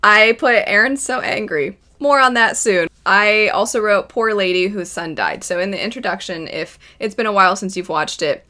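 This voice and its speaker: A young woman talks through her first impressions in a bright, clear voice. She is chatty and enthusiastic and laughs often as she goes. Her pitch sits in an ordinary middle range for a woman. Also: normal speed, hardly any pauses. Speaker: anime reaction vlogger. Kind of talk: casual first-impressions commentary.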